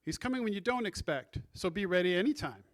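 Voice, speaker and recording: Reading Bible verses aloud and steering his congregation through them, this preacher teaches in a fast, sing-song, high-pitched voice.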